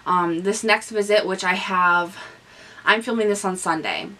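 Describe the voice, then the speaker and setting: A woman's voice: mid-range voice, unhurried, sharp tone, recorded from a distance, poor audio. A young woman vlogging a candid, chatty pregnancy update, with lots of ums and restarts. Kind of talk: casual pregnancy update vlog. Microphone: camera on a stand nearby.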